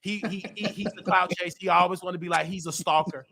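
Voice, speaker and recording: Loud gossip host guy, high bright voice, aave, fast trash talk, keeps yelling. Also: steady tone, gravelly, a little hiss or hum. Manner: brash, rapid, trash-talking, shouts often.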